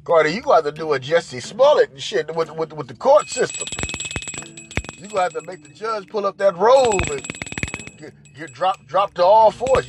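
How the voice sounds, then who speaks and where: Crude, ranting man with a lively voice. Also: high-pitched, normal speed, music in the background. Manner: crude, rambling, repeats "right?". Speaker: podcast host. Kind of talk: profane comedic rant.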